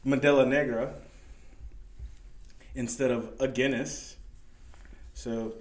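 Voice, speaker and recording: A man's voice: medium pitch, steady tone, slow pace. Profane male podcast co-host, echoey room. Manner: loose, profane, laughing storyteller. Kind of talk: casual chat. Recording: echoey room with faint noise.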